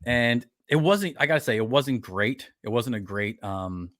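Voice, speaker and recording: A man's voice: medium pitch, measured pace, no room sound. Middle-aged new guy hosting a podcast, bouncy storytelling voice, dry close sound. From New York. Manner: animated storyteller who acts out what others said. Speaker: podcast host. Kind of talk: casual podcast chat.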